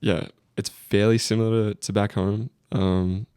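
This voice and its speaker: A young Australian man in his twenties, a guest chatting casually in a podcast interview, relaxed and a bit mumbly with many fillers. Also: on the low side, unhurried, smooth, no echo, studio quality. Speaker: guest, college football punter.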